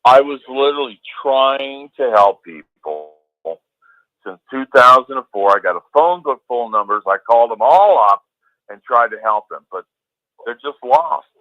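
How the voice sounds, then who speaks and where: A man's voice: mid-range voice, very animated, normal speed, no room sound. A heated male caller delivers an emphatic, profane rant down a thin, tinny phone line. His voice is dry and close, with no room sound around it. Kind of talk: call-in ranting.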